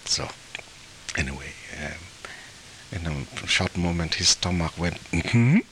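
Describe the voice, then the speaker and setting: A man from Africa, an author and translator of folktales, telling a story in an interview in an animated way, chuckling and repeating words. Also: sits low, a little slow, slight background noise.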